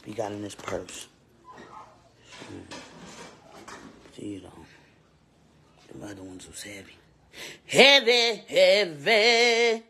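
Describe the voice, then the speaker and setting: A performer voicing a sassy, vain woman babysitter in a live-streamed comedy skit, loud and teasing, repeating lines and swooping up into squeals. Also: medium pitch, expressive, takes it slowly, pauses often, a little hiss or hum, heavily acted.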